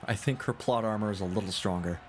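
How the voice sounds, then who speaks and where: A man's voice: fairly low pitch, fast talker, a little hiss or hum. A man streaming a video game, making wry, casual comments and swearing now and then.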